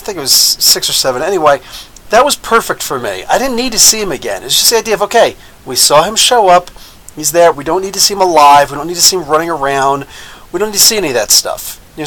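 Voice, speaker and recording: An American man hosting a live review show, talking in an animated, rambling way about an episode. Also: fairly high pitch, poor audio. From United States. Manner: animated, rambling, with frequent laughs and mock voices. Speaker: host of a comic book review show.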